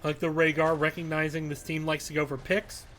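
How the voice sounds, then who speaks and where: A man giving live play-by-play commentary on an esports match, calm between plays and shouting with excitement at big fights. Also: on the high side, brisk, a little hiss or hum. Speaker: esports caster.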